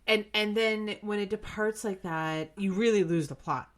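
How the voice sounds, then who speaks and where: A young woman co-hosting a casual chat podcast, giving blunt, wry takes and laughing easily. Her voice sits at a middle pitch. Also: normal speed. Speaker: podcast co-host.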